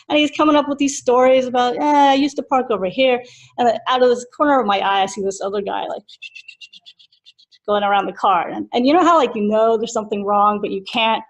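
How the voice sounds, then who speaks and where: Middle-aged nun teaching, chatty and laughing, slight vocal fry. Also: female voice, a little high, rough recording. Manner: chatty, laughs often while telling a story. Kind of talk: casual teaching with a personal story.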